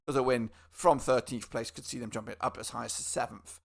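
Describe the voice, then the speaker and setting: A man's voice: mid-range voice, fairly even intonation, fairly quick, gravelly. A man hosting a football predictions video in a chatty, informal way, with fillers and repeated words. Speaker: football predictions channel host. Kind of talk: casual football predictions commentary.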